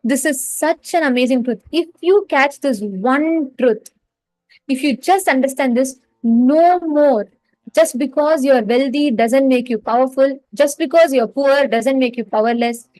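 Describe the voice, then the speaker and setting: A woman's voice: high-pitched, unhurried, a little mellow, no echo, rough recording. A woman teaching a live online spiritual course, telling an earnest story, repeating key phrases and speaking straight to her viewers. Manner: addresses viewers directly and reads their names from the chat.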